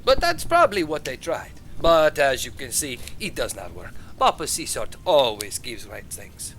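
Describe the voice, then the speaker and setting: A man voicing a defensive, boastful male healer merchant who speaks halting broken English and opens lines with "eh.". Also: medium pitch, big pitch swings, fairly bright tone, poor audio. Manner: broken English with hesitant "eh" openings.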